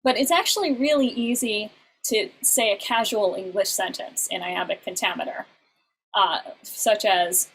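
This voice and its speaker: A woman teaching an online class, explaining step by step with patient pauses and frequent "uh" fillers, on a video call. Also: mid-range voice, a bit bright, slight background noise, poor audio.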